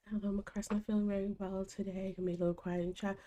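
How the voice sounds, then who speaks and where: A woman streaming a cozy game, congested from a cold, gently chatting and greeting viewers by name. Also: medium pitch, flat delivery, fast, hardly any pauses. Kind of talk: casual stream chat.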